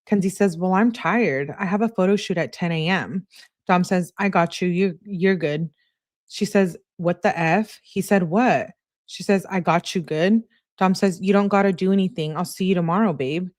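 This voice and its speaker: A woman with a lowish voice reads a thread of text messages aloud in a relaxed, conversational way. She stops now and then to correct herself or add a quick aside. The recording is close and dry, with no room sound. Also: no echo. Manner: plain conversational reading with asides and self-corrections. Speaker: channel host reading text messages.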